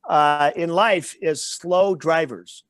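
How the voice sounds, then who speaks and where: A man's voice: a little high, slow, a bit bright, no room sound. A man as the guest speaker and trainer in an interview, explaining with everyday examples and stopping to check in with the listener.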